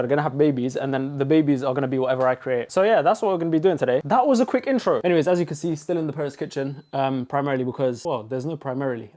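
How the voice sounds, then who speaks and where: A man's voice: a little high, a little mellow. A young man, chatting casually and cracking jokes while he bakes in a kitchen. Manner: jokey, rambling asides. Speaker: baking vlogger. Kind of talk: casual cooking vlog.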